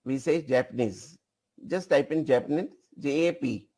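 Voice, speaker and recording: A man giving a live software demonstration as trainer, repeating phrases and directing an assistant at the controls. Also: fairly high pitch, normal speed.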